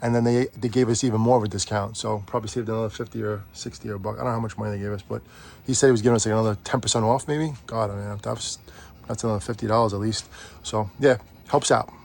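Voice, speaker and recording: A man's voice: fairly low pitch, steady tone, fast talker, creaky, darkish tone. A middle-aged man chatting casually and rambling as he walks a camera around his garage arcade. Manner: rambling, chatty, self-interrupting. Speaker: vlogger. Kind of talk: casual walk-through chat.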